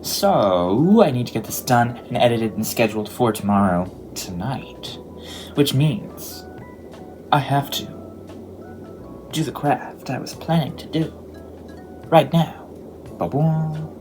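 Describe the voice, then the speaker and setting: Over clear background music, a young woman crochet vlogger chats casually with an extremely low yet very animated voice. She speaks slowly with long pauses, rambling with lots of ums and likes.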